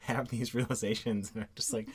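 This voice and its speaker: A man's voice: mid-range voice, fairly even intonation, brisk, husky. A man in his thirties co-hosting a podcast, talking dryly with hesitant hedges. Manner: dry, hesitant, hedging with fillers. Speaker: podcast co-host. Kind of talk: casual chat.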